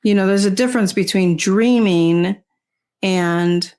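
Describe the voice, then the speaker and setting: A woman's voice: medium pitch, unhurried, clear, resonant tone. Older woman, rambling casual chat. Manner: rambling, peppered with "you know" and soft laughs. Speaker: interview guest. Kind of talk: casual conversation.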